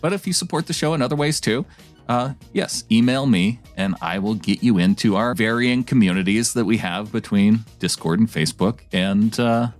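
A man's voice: lowish voice, moderate pace, faint music behind. A man co-hosting a podcast, reading a listener's email with playful, theatrical delivery, then chatting casually. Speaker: podcast co-host.

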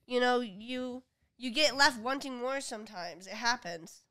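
A woman's voice: fairly high pitch, a little slow, sharp tone. A young woman co-hosting a casual podcast chat, rambling with lots of "like" and restarts, blunt and crude. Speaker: podcast co-host.

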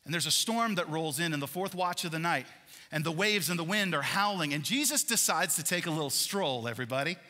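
A man gives a lively, animated sermon to his congregation, often turning questions back on his listeners. His voice is a bit high for a man, bright and forceful, and he speaks briskly. The long reverb of a large church worship center surrounds the sound.

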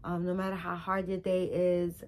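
A woman's voice: on the low side, moderate pace. Chatty, rambling middle-aged woman vlogger. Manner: rambling, warm-hearted and chatty, many fillers; excitable, rising loud on some words. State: emotional, recently crying. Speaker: doll collector vlogger. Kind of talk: casual chat to viewers.

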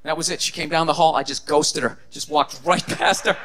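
A man's voice: on the high side, fairly even intonation, brisk, sharp tone, slight background noise. Ranting profane stand-up comedian, man. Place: comedy stage before a live audience.

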